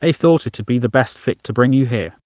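A man's voice: medium pitch, a little fast, no room sound, studio quality, lightly acted. A man voicing a wounded male alien who talks through coughs and rising panic. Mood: strained. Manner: shouting, coughing.

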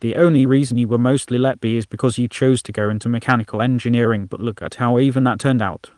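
A man's voice: medium pitch, fairly even intonation, fast talker, dry recording, natural voice. Man voicing a wounded male alien, coughing, strained, dry close sound. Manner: shouting, coughing.

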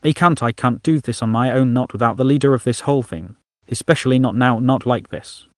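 A man's voice: mid-range voice, brisk, no room sound, studio quality, natural voice. A man doing a wounded, coughing alien man. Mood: strained. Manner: shouting, coughing. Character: wounded panicked male alien, coughing, once a snob.

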